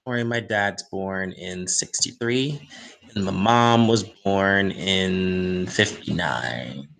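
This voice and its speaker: A man's voice: low-pitched, slow pace, creaky, a bit bright. A young adult man in a casual, playful solo chat, reading astrology charts and talking to his cat. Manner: playful, chatty, talks to his cat between tasks.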